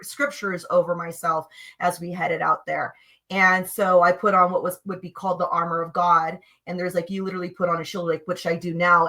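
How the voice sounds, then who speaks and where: A woman telling personal spiritual stories in a casual, animated, emphatic way, acting out what others said. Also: lowish voice. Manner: animated, emphatic, acts out quotes. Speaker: podcast guest.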